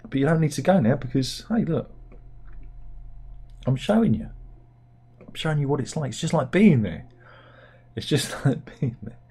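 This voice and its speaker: A man's voice: on the high side, sing-song, normal speed, long pauses, dark tone, breathy edge. A man from the UK hosting a comic news show, chatting casually and wryly with lots of fillers and restarts. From United Kingdom. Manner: rambling, wry, talks to himself with fillers and restarts. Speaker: satirical news show host.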